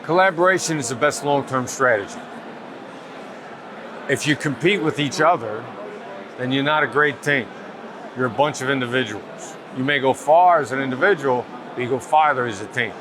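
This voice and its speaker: A man being interviewed as a negotiation expert, explaining in a calm, measured, patient way. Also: mid-range voice, background noise. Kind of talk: interview answers. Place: outdoors at a summit event.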